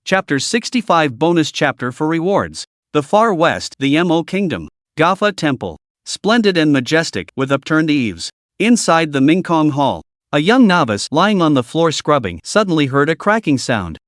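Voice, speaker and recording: A man's voice: on the high side, big pitch swings, moderate pace, no echo, studio quality. A man narrating a dramatic fantasy story recap in a scripted, storytelling manner.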